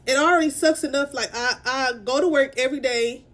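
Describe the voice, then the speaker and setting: Young woman, upset and near tears, slightly high pitch, casual to-camera storytime. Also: fairly quick, a bit bright. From Dallas, Texas. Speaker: vlogger telling a story.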